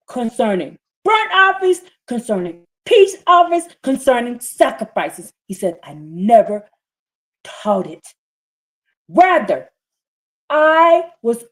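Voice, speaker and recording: Fiery preaching woman, higher voice. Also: darkish tone. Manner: fiery, scolding, reads scripture in rising bursts. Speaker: preacher streaming a scripture reading. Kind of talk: impassioned live-stream sermon.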